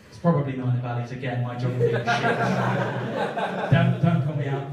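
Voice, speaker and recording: A man's voice: a little high, sing-song, normal speed, crowd noise. A young man doing a stand-up set, self-deprecating and sweary as he tells a story. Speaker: stand-up comedian. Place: comedy club stage. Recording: echoey club, mic from far off, audience.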